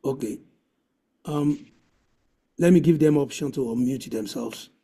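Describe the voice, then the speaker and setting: A man's voice: mid-range voice, measured pace, dark tone, slightly rough. A man hosting an online language class over a video call, repeating points and coaching pronunciation. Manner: repetitive, coaching, drills pronunciation. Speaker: webinar host.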